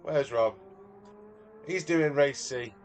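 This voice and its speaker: A man's voice: medium pitch, slow, a little hiss or hum. A man with a Mancunian accent, chatting casually with viewers on a live stream and reading out their messages in a matey way. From Manchester, England. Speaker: livestreamer.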